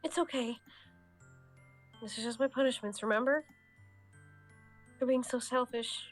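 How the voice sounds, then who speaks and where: A woman reading out the lines of a teenage girl who hides deep sadness, soft and wavering. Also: measured pace, faint music behind, natural voice. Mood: hurt. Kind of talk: reading game dialogue aloud.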